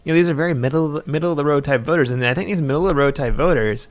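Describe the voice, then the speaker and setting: A man giving quick, conversational political analysis, often adding "you know" and "right?". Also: on the high side.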